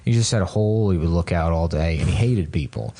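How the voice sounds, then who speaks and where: Low-voiced man telling rambling stories. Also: fast, a little hiss or hum. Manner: rambling anecdotes with funny put-on voices; crude deadpan humor. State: tired from no sleep. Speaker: podcast co-host. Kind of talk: casual comedic chat.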